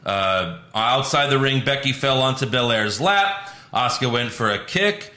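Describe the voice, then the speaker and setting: A man's voice: medium pitch, a little slow, reverberant. A man co-hosting a casual podcast chat, leading the segments and swearing freely. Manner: lively, swears freely, runs the award segments. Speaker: podcast co-host.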